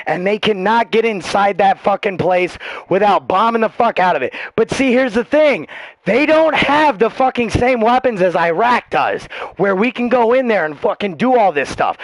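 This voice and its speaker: A man, a military veteran streaming a game, arguing in voice chat, ranting, swearing and shouting into a headset mic. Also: high-pitched, no echo. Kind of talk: heated voice-chat argument while gaming.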